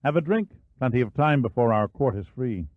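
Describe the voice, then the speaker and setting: A genial, easygoing American historian, as a male narrator puts him on, chatty and a touch higher than the narration. It sounds dry and phone-thin. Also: expressive, fairly quick, dry recording, lightly acted. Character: friendly American Senate historian, middle-aged man. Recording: dry, phone-like narrow band.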